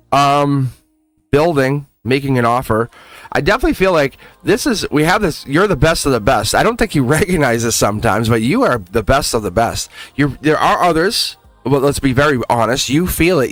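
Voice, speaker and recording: A man's voice: mid-range voice, moderate pace, no room sound, faint music behind. A man reading tarot on a live stream, chatting casually and addressing viewers directly with frequent laughs. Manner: animated, chatty, laughs often, talks straight to viewers.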